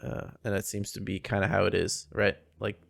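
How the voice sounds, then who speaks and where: Gravelly-voiced man chatting loosely. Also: fairly low pitch, fairly quick, no echo, studio quality. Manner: rambling, animated, with restarts and quoted voices. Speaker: podcast co-host. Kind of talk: casual chat.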